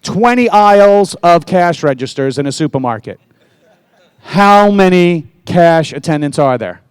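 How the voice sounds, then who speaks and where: Profane, animated man ranting at a fan panel. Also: on the high side, unhurried, clean tone, dry recording. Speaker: convention panel guest. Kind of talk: casual fan Q&A, rambling rant. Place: convention panel room.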